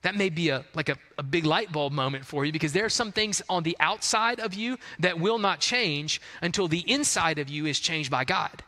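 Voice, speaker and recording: Man, pastor, high bright voice, lively sermon, long hall reverb. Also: normal speed, few pauses. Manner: conversational, acts out quotes, rising excitement. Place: large hall with congregation.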